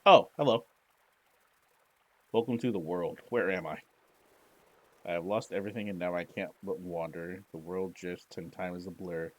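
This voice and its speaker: A man's voice: sits low, fairly even intonation, normal speed, a little mellow, rough recording. A man streaming a text-based game, reading the story aloud dramatically with joking asides. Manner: theatrical narration broken by joking asides.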